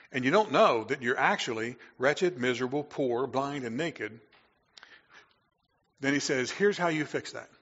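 Male pastor, casual preaching with asides, slightly raspy, reverberant church sound. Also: mid-range voice, fairly bright tone. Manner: conversational preaching with fillers and humor. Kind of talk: sermon. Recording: echoey hall, dull lo-fi sound.

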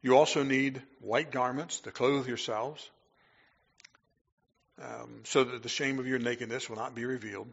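Male pastor, casual preaching with asides, slightly raspy, reverberant church sound. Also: medium pitch, fairly even intonation, moderate pace. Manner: conversational preaching with fillers and humor. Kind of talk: sermon. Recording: echoey hall, dull lo-fi sound.

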